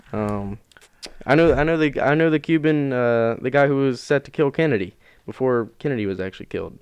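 A man's voice: medium pitch, fairly quick, smooth, no room sound, muffled recording. A man co-hosting a podcast, chatting casually and teasing his friend with jokes. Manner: joking, teasing banter. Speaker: podcast co-host. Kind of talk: casual chat.

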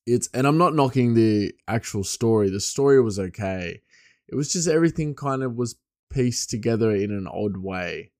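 A man hosting his podcast alone, rambling loosely and chuckling, his voice a bit hoarse. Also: medium pitch, expressive, moderate pace, a little mellow, dry recording, studio quality. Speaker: podcast host. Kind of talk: casual podcast monologue.

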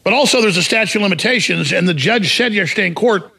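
A fiery male talk show host in a heated, mocking rant, often bursting into shouts. His voice is raspy and gravelly, with a bright, sharp edge. His pitch sits high and swoops widely as he talks. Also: lively intonation, fast talker, few pauses. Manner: combative, mocking, shouts for emphasis.

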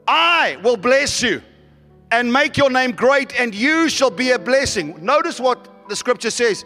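Brief: man, pastor mid-sermon, high bright voice, fervent delivery. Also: lively intonation, measured pace, long reverb tail, soft background music. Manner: preaching with rising fervor and congregation callouts.

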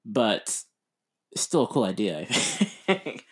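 A man's voice: fairly low pitch, big pitch swings, slow pace, fairly bright tone, breathy edge. Joking young man co-hosting a podcast. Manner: joking, rambling, laughs often. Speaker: podcast co-host. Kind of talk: casual chat.

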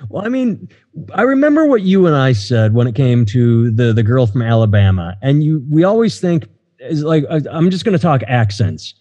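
Rambling host in a dull, echoey room. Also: male voice, mid-range voice, very animated, normal speed, dark tone. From United States. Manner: rambling, hesitant, many fillers. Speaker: podcast host. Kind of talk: casual podcast chat.

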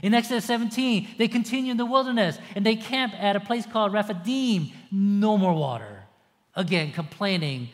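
A man preaching a sermon, telling a story in a lively way and asking his listeners rhetorical questions. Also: sits high, a little fast, in a large hall.

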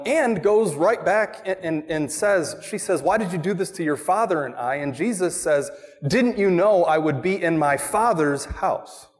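A man preaching a sermon as a pastor, animated, asking the congregation questions and acting out quoted voices. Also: fairly high pitch, in a large hall. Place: church.

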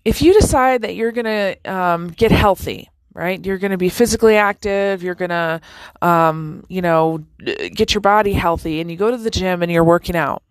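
A woman hosting a casual spiritual talk, chatty and animated, with many fillers and restarts. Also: on the low side, moderate pace, clean tone, no room sound, poor audio. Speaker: podcast host.

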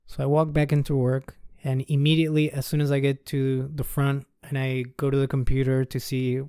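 A man hosts a podcast solo and tells a work story in a loose, chatty way. He chuckles through the asides. His voice is mellow and smooth, recorded dry and close. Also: mid-range voice, completely flat delivery, brisk, dry recording. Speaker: podcast host. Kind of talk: casual storytelling monologue.

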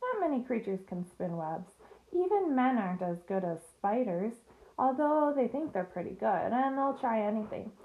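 A woman voicing a wise, calm female spider in a storybook reading, explaining things patiently. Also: on the high side, moderate pace, phone-quality sound.

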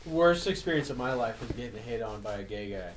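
A man's voice: mid-range voice, lively intonation, a little hiss or hum. Blunt man telling a work story. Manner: blunt, profane, drawn-out anecdote. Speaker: podcast co-host. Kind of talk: casual crude chat among friends.

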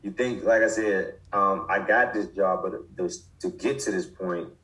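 Young man, low-pitched, casual interview guest, halting speech, lots of restarts and fillers. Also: a bit bright, low-quality recording. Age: 20s. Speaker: football coach, interview guest. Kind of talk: casual conversation.

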